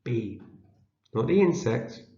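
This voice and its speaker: A man teaching young children to read, sounding out each word slowly and repeating it so they can follow along. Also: medium pitch, big pitch swings, mellow. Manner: reads word by word, repeating each word for learners to echo. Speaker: teacher leading a shared reading. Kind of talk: slow, patient read-aloud lesson for young children. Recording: dull, roomy home video.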